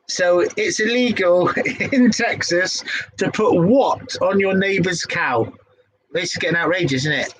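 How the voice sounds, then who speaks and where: The low-quality recording catches a young Devon-accented Englishman hosting a laid-back pub quiz. His voice is high and fairly bright, and he laughs and swears while fumbling the questions.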